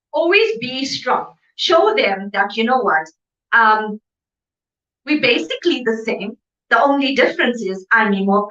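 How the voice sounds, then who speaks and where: A woman's voice: on the high side, sing-song, measured pace, pushed and bright. Emphatic woman speaker in echoey hall. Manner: emphatic, repeats okay for agreement. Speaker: business seminar speaker. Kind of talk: motivational seminar talk. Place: seminar venue. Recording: echoey room, distant mic, dull sound.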